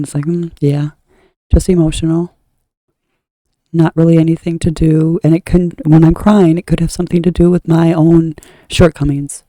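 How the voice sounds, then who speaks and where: Blunt, rambling woman with a very dark voice. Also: sits low, dry recording, rough recording. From United States. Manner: rambling, blunt, trails off and restarts. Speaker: tarot reader. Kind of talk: opinionated spoken monologue.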